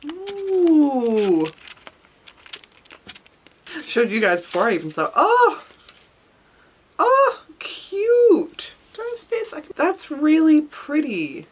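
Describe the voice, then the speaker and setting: A British woman chats through an unboxing, her voice bouncing from low murmurs up to high squeals. She gushes over every little item with oohs and delighted exclamations. A recent cold has left her voice a little worn. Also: very slow, long pauses. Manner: excitable and gushing, frequent oohs and squeals. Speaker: vlogger. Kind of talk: unboxing vlog chat.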